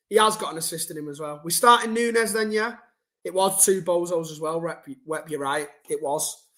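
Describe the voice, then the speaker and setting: A man's voice: a little high, a little slow, pauses often, bright, forceful tone. A young man ranting bluntly and casually to his chat during a football live stream, swearing and using slang.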